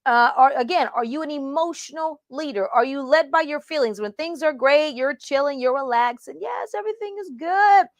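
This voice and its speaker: A woman gives a leadership lesson in an emphatic, animated teaching manner, often slipping into quoted voices to make her point. Her voice sits a little on the high side. The sound is dry and close. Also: normal speed, hardly any pauses, no room sound. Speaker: leadership mentor teaching a class. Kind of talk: teaching talk from slides.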